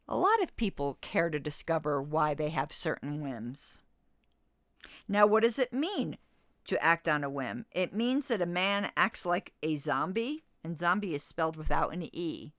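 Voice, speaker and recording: A woman in her fifties reads an interview aloud, then argues back bluntly in a lowish voice that swings up and down a lot. The sound is close and dry, with no room echo. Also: lively intonation, unhurried, a bit bright. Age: 50s. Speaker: podcast host. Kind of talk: reading an interview aloud and commenting.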